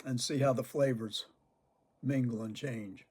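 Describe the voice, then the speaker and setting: A man's voice: mid-range voice, steady tone, unhurried, a little mellow, husky. An older man chatting to camera about cigars and telling stories from his childhood, chuckling often as he talks. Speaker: cigar vlogger. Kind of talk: casual storytelling to camera.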